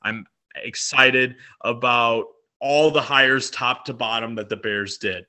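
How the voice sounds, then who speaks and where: A man co-hosting a sports podcast, his voice very bright and ringing. He talks keenly and rambles, with plenty of ums and restarts. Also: medium pitch, steady tone, slow pace. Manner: enthusiastic, rambling with fillers. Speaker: podcast co-host. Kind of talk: casual sports podcast chat.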